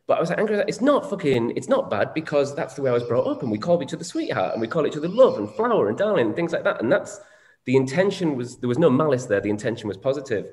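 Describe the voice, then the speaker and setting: A man's voice: medium pitch, very animated, rapid-fire, a little mellow. A man, co-hosting a candid conversation, reflective and swearing casually. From Northern England. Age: 40s. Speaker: co-host. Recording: echoey room with long reverb.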